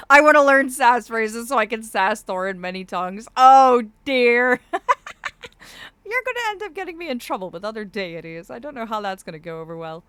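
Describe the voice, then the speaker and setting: A woman's voice: on the high side, expressive, moderate pace, fairly bright tone, clean tone, no echo. A woman streaming live as a fey persona. She chats casually and reads viewer messages, calling viewers darlings and laughing often. Her speech is slightly impeded by a swollen cheek.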